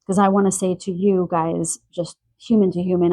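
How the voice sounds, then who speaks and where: Soft, slightly husky woman giving a card reading. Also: lowish voice, level tone, dry recording, low-quality recording. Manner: gentle, searching, relays messages with pauses and fillers. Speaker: tarot card reader. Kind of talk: spiritual pick-a-card reading. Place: quiet room in the evening.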